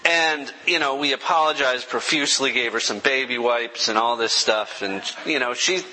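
Bright, earnest man preaching a testimony. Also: mid-range voice, normal speed, long reverb tail, rough recording. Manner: earnest, self-deprecating, chokes up with emotion. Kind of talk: sermon testimony.

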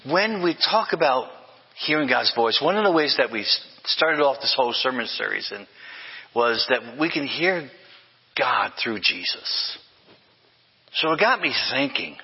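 Older male pastor, emphatic sermon delivery with refrains; husky tone, muffled hall recording. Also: mid-range voice, expressive, moderate pace. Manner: emphatic, with repeated refrains and self-corrections.

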